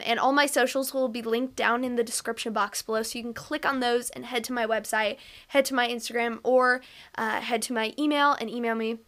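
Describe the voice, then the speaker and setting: A woman's voice: on the high side, a bit bright. A young woman hosting a casual podcast, chatty and a little self-conscious, with lots of fillers. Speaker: podcast host.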